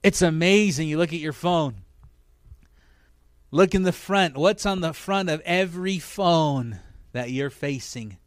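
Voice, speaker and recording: A middle-aged man preaching a sermon as pastor, with emphatic, repetitive, drawn-out phrasing. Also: mid-range voice, smooth, no echo, studio quality.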